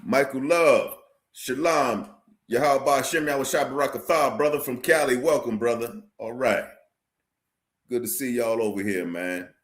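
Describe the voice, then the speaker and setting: A man preaching to his online viewers, forcefully repeating phrases, quoting scripture and checking "you understand?". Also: medium pitch, normal speed. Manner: addresses viewers directly, asks "you understand?". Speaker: street preacher teaching a class. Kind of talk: livestream sermon.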